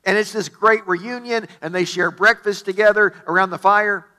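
Bright-voiced, enthusiastic middle-aged male pastor. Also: high voice, steady tone, moderate pace. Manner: enthusiastic storytelling with stammered restarts. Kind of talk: sermon.

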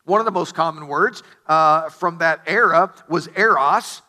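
A man's voice: a little high, unhurried, bright, forceful tone. A middle-aged man preaching a sermon as pastor, telling the story with enthusiasm and stammered restarts.

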